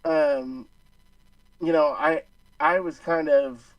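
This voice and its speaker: A man's voice: fairly high pitch, wildly swooping pitch, slow, creaky, no room sound, distant mic, muffled recording. A young man from the Chicago area co-hosting a podcast, talking sports in a rambling, casual way. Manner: rambling, restarts often. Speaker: podcast co-host.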